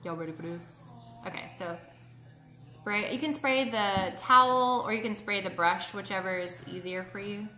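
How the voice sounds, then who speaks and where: A woman's voice: mid-range voice, moderate pace, sharp tone, a little hiss or hum. Chatty woman with a roomy echo. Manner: chatty, greets viewers by name. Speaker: beauty host. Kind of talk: casual live makeup tutorial.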